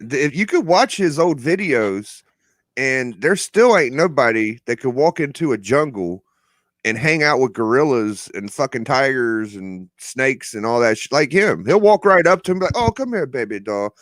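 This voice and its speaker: Guy cussing his way through a loose podcast chat, really lively voice, dry sound. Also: medium pitch, moderate pace, no echo. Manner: profane, animated storytelling. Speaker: podcast co-host. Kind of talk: casual chat.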